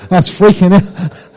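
Man, testimony storytelling, mellow tone, faint music behind. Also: high voice. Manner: animated and emphatic, with many fillers. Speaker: speaker giving a personal testimony.

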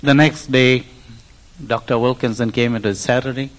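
Guy preaching his testimony, lively storytelling, mid-pitch voice. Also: moderate pace, low-quality recording. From India. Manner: animated storyteller who acts out quoted speech. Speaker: church speaker giving testimony. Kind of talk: personal testimony sermon.

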